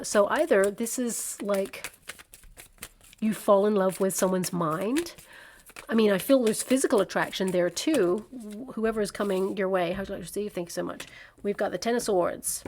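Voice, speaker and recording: A woman's voice: mid-range voice, a little slow, a little mellow, a little hiss or hum. A woman giving a casual tarot reading to camera, chatty and reassuring, thinking aloud with plenty of fillers. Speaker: tarot reader.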